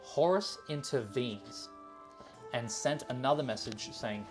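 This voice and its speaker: A man's voice: medium pitch, a little fast, music in the background. A man on a casual podcast, retelling a long story with restarts and quoted bits of dialogue. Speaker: podcast host explaining the lore. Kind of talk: casual chat.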